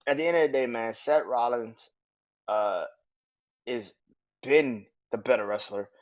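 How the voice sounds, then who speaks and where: A man hosting a podcast, talking casually and excitably about wrestling and swearing freely. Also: medium pitch, unhurried. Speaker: podcast host. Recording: dull lo-fi sound.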